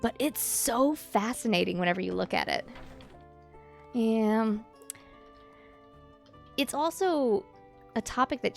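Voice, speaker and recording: A woman's voice: medium pitch, creaky. A woman from Louisiana chatting with her stream chat while she plays a game, musing and reading comments aloud.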